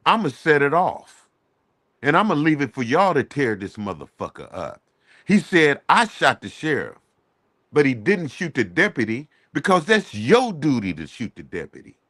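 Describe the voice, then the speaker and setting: A man's voice: mid-range voice, a bit bright, no room sound, studio quality. A man hosting a casual morning talk show, delivering a rambling, profane, preachy rant. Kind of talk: casual chat.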